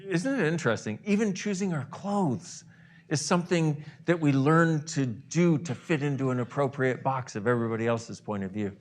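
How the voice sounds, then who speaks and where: Speaking at normal speed in a fairly high-pitched voice, a male self-help host leads a guided visualization of an imagined morning. He animatedly acts out the listeners' inner voices, complete with gasps and exclamations.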